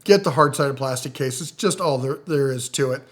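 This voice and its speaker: A middle-aged man giving a casual, rambling tool rundown, enthusiastic, with loudness and pitch that jump around as he talks. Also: normal speed. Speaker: tool reviewer.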